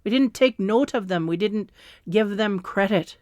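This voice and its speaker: Smooth-voiced woman giving a slow tarot reading. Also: medium pitch, dry recording, studio quality. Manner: slow, meandering, reassuring, with fillers and soft laughs. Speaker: tarot reader. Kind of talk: spiritual tarot reading, casual monologue.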